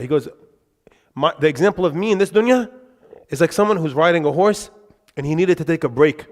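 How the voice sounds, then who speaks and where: A man giving a religious lesson in a mosque, telling lively anecdotes with quick asides. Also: fairly high pitch. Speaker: religious teacher. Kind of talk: storytelling lesson to a congregation. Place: mosque hall. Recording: reverberant mosque hall.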